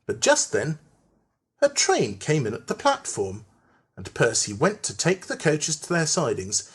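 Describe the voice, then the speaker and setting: A narrator reading a children's train story aloud in an expressive storytelling manner. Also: medium pitch, husky. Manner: slow, lively storytelling.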